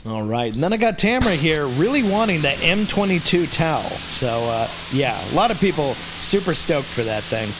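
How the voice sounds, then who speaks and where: A man's voice: a little high, sing-song, normal speed, hardly any pauses. A man hosting a livestream Q&A, reading viewer comments aloud and chuckling often. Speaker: host. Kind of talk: livestream Q&A chat. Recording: noisy stream audio.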